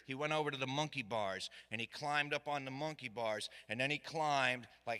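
A middle-aged man from Virginia, telling a comic story live on stage with dry asides and loud shouted lines. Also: on the high side. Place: stage in a hall. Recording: echoey hall reverb.

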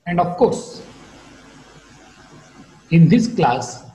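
Slow, sing-song male phonetics lecturer. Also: sing-song, warm tone, echoey room, poor audio. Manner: slow, deliberate teaching with wide pitch swings. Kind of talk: recorded online lecture.

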